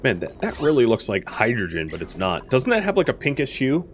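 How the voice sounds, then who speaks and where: A man's voice: mid-range voice, big pitch swings, a little fast, slight background noise. A young man casually commenting on his colony game as he plays, rambling and correcting himself with lots of fillers. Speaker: gaming streamer. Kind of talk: casual let's-play commentary.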